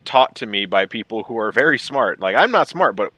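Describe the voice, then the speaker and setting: Man, casual stream chat, fast, lively pitch, bright tone, dry close sound. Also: breathy edge, dry recording, poor audio. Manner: rapid, animated storytelling with acted-out quotes.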